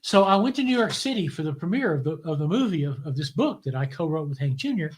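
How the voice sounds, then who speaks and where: A man's voice: fairly high pitch, quick pace, husky. Older man telling wry anecdotes. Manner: relaxed anecdotal storyteller, wry and cynical, repeats words as he restarts. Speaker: guest. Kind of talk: casual interview storytelling.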